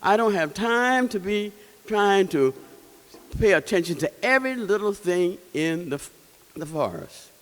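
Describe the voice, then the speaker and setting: A man voicing a proud, busy male lion who rules the forest, speaking gruffly and dismissively in a folktale. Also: high voice, animated, a little slow, a bit bright, in a large hall. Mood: impatient.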